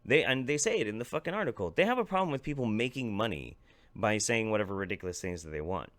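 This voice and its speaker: A man ranting to camera as a YouTube commentator, angry and profane, swinging between low mutters and sharp outbursts. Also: animated, fast talker.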